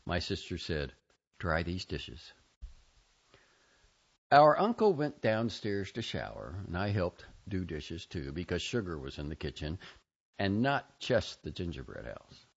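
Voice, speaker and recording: A man reading a first-person memoir aloud in a measured, expressive way. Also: deep voice, creaky, breathy edge. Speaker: narrator. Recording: dull lo-fi recording.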